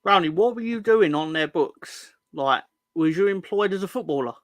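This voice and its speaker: A man's voice: sits high, animated, normal speed, no room sound. A man co-hosting a casual football fan chat, full of sarcastic, sweary banter. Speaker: podcast co-host.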